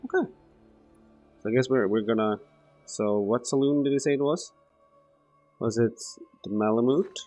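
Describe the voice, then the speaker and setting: A man's voice: mid-range voice, normal speed, pauses often, mellow, soft background music. A man thinking aloud through casual gameplay commentary, rambling and swearing now and then. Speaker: let's play gamer.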